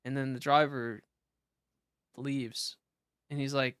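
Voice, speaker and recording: A man's voice: mid-range voice, level tone, slow, a bit bright, clean tone, no echo. Young guy, live streamer; loose, filler-heavy chat, middle voice, dry close mic. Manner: casual, rambling, frequent fillers and restarts. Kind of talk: live game stream commentary.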